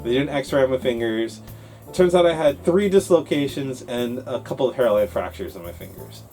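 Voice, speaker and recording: Animated man telling a story. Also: mid-range voice, a little fast, faint music behind. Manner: animated, acts out his younger self with laughs. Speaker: co-host of an English-learning talk show. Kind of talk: casual storytelling chat.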